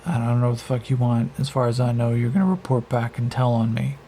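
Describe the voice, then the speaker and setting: A man voicing a brash, wounded male warrior who swears constantly and speaks bluntly in quick outbursts. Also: mid-range voice, steady tone, dark tone, slight background noise, natural voice, rough recording. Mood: wary, defiant. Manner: profane, blunt, rapid outbursts.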